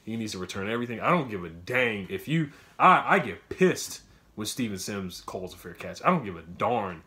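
A young man giving a casual, emotional fan recap, full of fillers and repeats, swinging between loud outbursts and quiet muttering. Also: on the low side, sing-song, normal speed. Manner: filler-heavy, repeats himself. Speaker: sports fan commentator. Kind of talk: casual fan reaction monologue.

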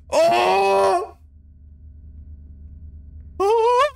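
A man's voice: extremely high pitch, huge pitch swings, extremely slow, gravelly, long pauses. A young man giving panicky, swearing commentary while playing horror games, jumping between fear and mocking jokes. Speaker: gaming video creator.

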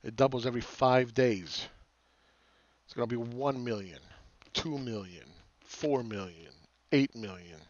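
On his market commentary channel, a man with a mid-range voice speaks unhurriedly in a lo-fi recording with no room sound. His delivery is a sarcastic, exasperated rant, with phrases repeated for emphasis.

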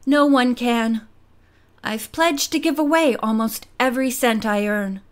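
A troubled young woman from a storybook mystery, fearful and withdrawn. A woman reads her in a subdued, unhappy voice that stays high. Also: unhurried, natural voice. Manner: subdued, miserable speech.

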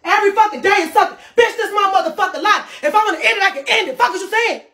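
Very high-voiced woman ranting. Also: rapid-fire, a bit bright. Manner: profane and heated. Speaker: livestreamer. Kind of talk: livestream rant.

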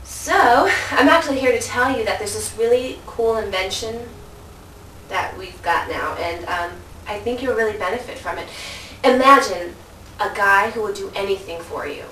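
Woman, comedic sales pitch, playful; roomy distant recording with faint hiss. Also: moderate pace, pushed and bright. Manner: playful, mock-sales patter, laughing. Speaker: comedic infomercial presenter.

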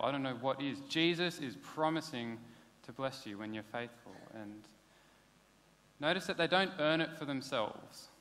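A pastor, preaching a sermon in a casual, conversational way. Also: male voice, a little high, fairly bright tone. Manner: conversational, plain-spoken preaching with casual asides. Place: church hall. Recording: long hall reverb.

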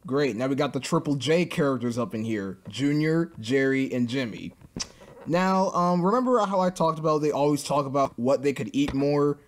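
A man's voice: mid-range voice, animated, moderate pace. A man giving sarcastic review commentary on a cartoon, ranting in an exasperated, mocking way.

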